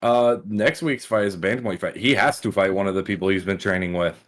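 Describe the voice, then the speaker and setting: A man's voice: deep voice, fast talker, fairly bright tone. A young man co-hosting a casual combat sports podcast, rambling with lots of "like" and restarts. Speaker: podcast co-host.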